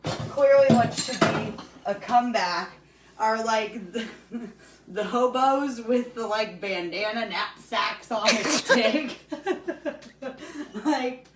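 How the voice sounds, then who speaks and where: A woman's voice: on the high side, slow, very noisy. A woman hosting a casual cooking show in her home kitchen, rambling, swearing and laughing as she cooks. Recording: roomy room, mic at a distance.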